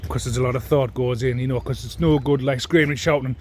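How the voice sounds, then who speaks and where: A man's voice: medium pitch, steady tone, quick pace, a little hiss or hum. A man, ranting into his phone with heavy swearing and indignant repetition. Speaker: vlogger. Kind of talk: ranting monologue to camera.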